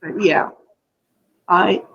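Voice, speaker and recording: A woman's voice: extremely slow, a bit bright, dull audio. A woman hosting a casual live stream, emotional and tearful, rambling and reading out viewer comments.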